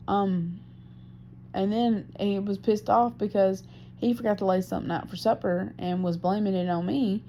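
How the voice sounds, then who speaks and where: A woman's voice: mid-range voice, steady tone, normal speed, warm tone, a little hiss or hum. A woman recording a personal audio diary, venting her frustration about her partner and swearing heavily. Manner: profane, frustrated, heavy swearing. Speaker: diarist.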